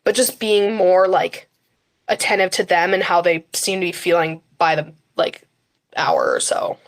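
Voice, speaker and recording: A teenage girl, a high school runner, appears as a guest on a podcast for a casual interview. Her voice is lowish, sing-song and a little slow, and she chats freely, filling her speech with fillers and often acting out what she said to other people.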